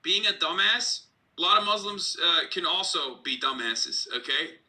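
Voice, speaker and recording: A man's voice: sits high, animated, normal speed, sharp tone. A man giving blunt, profane casual commentary on news clips.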